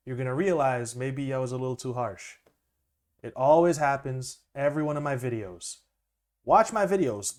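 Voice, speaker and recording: A young man, a music producer, chatting casually and excitedly as he reacts to an album, laughing often. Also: medium pitch. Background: music playing faintly.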